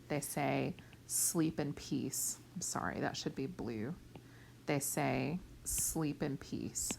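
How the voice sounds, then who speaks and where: A woman teaching a lecture on a play, explaining plainly, checking in with "right?" and "okay?", and softly whispering some quoted lines. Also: on the low side, gravelly, a little hiss or hum.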